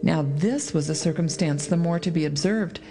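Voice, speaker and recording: A woman reads a story aloud with a mellow, warm tone. Her narration is expressive and paced with dramatic pauses, in the manner of an audiobook reader. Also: low voice, a little hiss or hum. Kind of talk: scripted narration.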